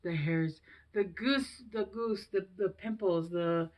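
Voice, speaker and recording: Speaking at a slow pace in a medium-pitched, darkish voice, a woman in her thirties does a casual tarot reading to camera. She's emotional and rambly, frequently trailing off and starting her sentences over.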